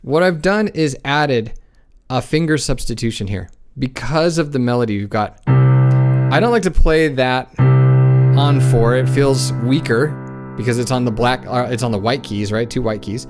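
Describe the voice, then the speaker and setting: A man giving a casual piano lesson, talking in a relaxed, conversational way and counting beats aloud while he plays. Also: medium pitch, a little slow. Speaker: piano teacher. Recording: piano playing loudly behind the voice.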